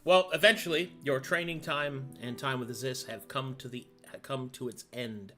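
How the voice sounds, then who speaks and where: A man running a tabletop game as game master, excitable and swearing freely. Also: medium pitch, moderate pace, faint music behind.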